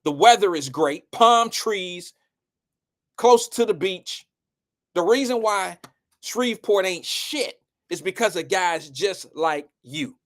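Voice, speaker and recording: A man's voice: high-pitched, animated, takes it slowly. A man hosting a live show, giving blunt and preachy casual commentary.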